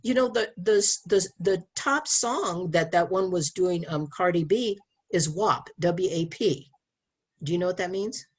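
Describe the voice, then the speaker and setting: A middle-aged woman with a low, husky voice talks in a casual conversation. She is earnest and animated, often restarting her sentences. Her stories come from her work as a sex educator. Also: a little slow.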